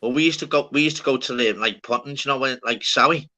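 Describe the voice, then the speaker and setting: Bloke hosting a live stream, bright tone, swears loads, rambling stories. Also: male voice, medium pitch, fast talker. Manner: swears a lot, rambling storytelling. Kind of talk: casual banter.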